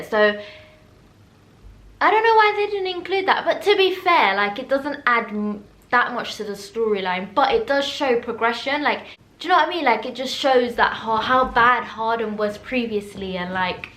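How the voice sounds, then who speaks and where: Chatty young woman, high voice. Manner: chatty, animated, quick to laugh. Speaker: vlogger reviewing a film. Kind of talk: casual reaction chat. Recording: roomy echo.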